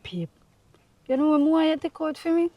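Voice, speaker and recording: A woman's voice: high-pitched, lively intonation, moderate pace, dry recording, distant mic, highs cut off. A woman with a Jamaican accent playing a jealous girlfriend who complains about another woman. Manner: Patois speech, complaining and insistent. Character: jealous young girlfriend, hurt and pleading.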